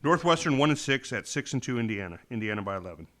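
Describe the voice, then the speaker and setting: A man's voice: mid-range voice, very animated, fast, fairly bright tone. A man co-hosting a casual sports chat, rambling and correcting himself as he breaks down games, while fighting the hiccups. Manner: thoughtful, rambling, self-correcting. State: has the hiccups. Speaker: podcast co-host.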